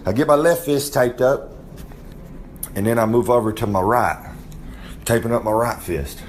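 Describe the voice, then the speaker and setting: A man's voice: medium pitch, moderate pace, a little hiss or hum. A man giving a rambling, in-character wrestling promo, boasting and talking about himself in the third person with many asides. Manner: drawling, rambling storyteller with frequent asides. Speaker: recurring segment guest.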